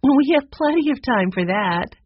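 Woman doing a bright, gushing orchestra hostess. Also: high voice, lively intonation, normal speed, husky, voice pushed up. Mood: cheerful. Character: cheerful, fussing female orchestra host. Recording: muffled, dry recording.

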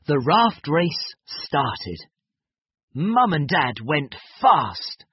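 A reader slowly and expressively reading a children's picture book aloud as a reading lesson, in a dull, lo-fi recording. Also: mid-range voice, slightly rough, dry recording. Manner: slow, deliberate, expressive. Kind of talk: slow, clear storybook reading lesson.

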